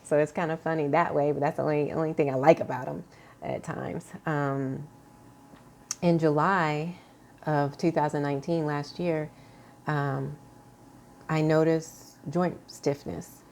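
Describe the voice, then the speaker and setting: A woman talking earnestly to her viewers in an unscripted personal vlog, halting, with many fillers and restarts. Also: sits low, steady tone, vocal fry, a little mellow, slight background noise. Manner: earnest, confiding tone. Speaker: vlogger sharing a health update.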